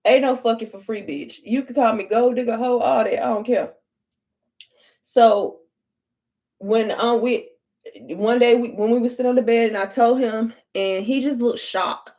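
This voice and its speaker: With a mellow, high-leaning voice at normal speed, a young adult vlogger shares stories in a casual get-ready-with-me video. She's blunt and her talk is packed with profanity.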